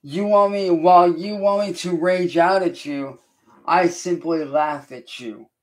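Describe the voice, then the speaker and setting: Male livestreamer, fairly high voice, slow defiant lecture. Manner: slow, deliberate, repetitive lecturing; confrontational, defiant. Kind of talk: livestream rant addressed to a critic.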